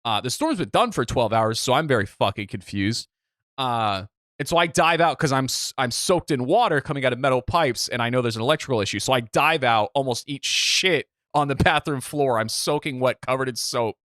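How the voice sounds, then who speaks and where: A young man from the Midwest telling a story on a podcast in a casual, animated way, swearing freely and acting out what people said. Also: medium pitch, fairly quick, no room sound, clean studio sound. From Midwest United States. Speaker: podcast co-host.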